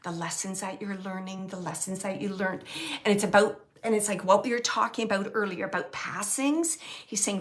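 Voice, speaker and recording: A woman medium giving a live reading to an audience member, talking in a halting, searching way with soft whispered asides. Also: medium pitch.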